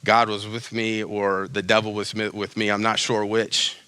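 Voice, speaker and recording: A young adult man preaching a sermon in a casual, animated way, with slangy asides and quick acted-out lines. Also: fairly low pitch, smooth, no room sound. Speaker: pastor.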